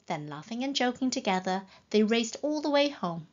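A woman reading a children's story aloud in a slow, gentle, expressive way. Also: a little high, muffled recording.

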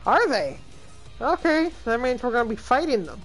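Female let's-play streamer, excitable and laughing, very animated pitch over soft game music. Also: moderate pace. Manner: excitable, exclaims and laughs often. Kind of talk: gaming commentary.

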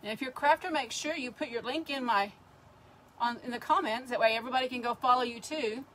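A woman's voice: on the high side, fast talker, a bit bright, slight background noise. A woman hosting a casual crafting livestream, chatting and greeting viewers by name as she works.

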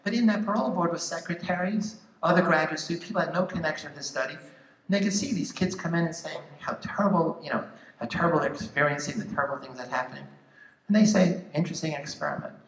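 An older man speaking to students as a guest speaker, telling a story in a lively way and acting out the voices he quotes. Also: a little high, quick pace. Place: large theatre hall. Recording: echoey hall sound.

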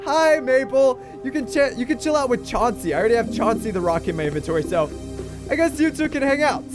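High-voiced excitable young man. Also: fast talker, music in the background. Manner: excitable, goofy, talks to a teddy bear. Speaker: gaming YouTuber. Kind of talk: game commentary.

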